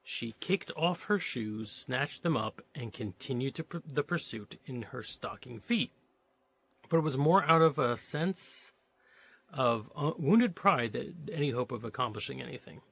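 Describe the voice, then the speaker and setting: Gravelly man reading a novel aloud. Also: mid-range voice, a bit bright. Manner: breaks off to joke and comment on the story. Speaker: reader of a novelization.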